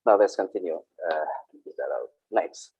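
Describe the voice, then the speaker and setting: A man teaching workplace English online, explaining slowly with frequent hesitations and repetitions. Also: deep voice, background noise. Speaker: English instructor. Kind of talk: online vocational English lesson. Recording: dull lo-fi sound.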